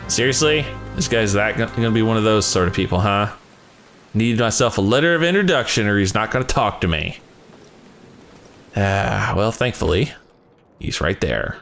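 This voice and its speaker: A man giving sarcastic, animated gameplay commentary as a let's play gamer. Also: fairly low pitch, normal speed, creaky, long pauses, soft background music.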